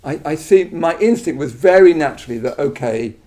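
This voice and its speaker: A middle-aged man from England giving a reflective Buddhist talk, halting and full of restarts, with quiet trailing asides. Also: fairly high pitch, animated.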